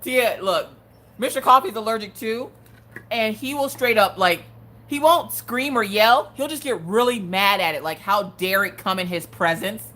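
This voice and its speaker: A woman's voice: medium pitch, moderate pace, sharp tone. A woman hosting a casual live crafting stream, chatty and joking, laughing often.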